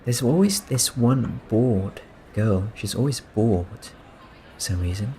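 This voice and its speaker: A man gives soft-spoken gameplay commentary in a low voice, slow and unhurried. He muses in a relaxed, amused way, with a faint hiss under his voice. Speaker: gaming streamer.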